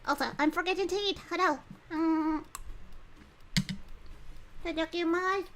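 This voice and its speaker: High, chatty streamer woman eating on stream. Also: fairly even intonation, unhurried, a bit bright, a little hiss or hum. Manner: chatty and giggly, eating and talking with food breaks. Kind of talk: casual livestream chat while reading a game aloud.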